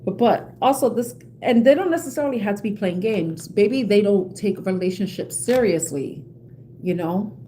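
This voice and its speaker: A woman's voice: medium pitch, lively intonation, moderate pace, mellow, a little hiss or hum. A woman giving a casual tarot reading to her viewers, chatty and laughing often, with many "you know"s. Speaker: tarot reader.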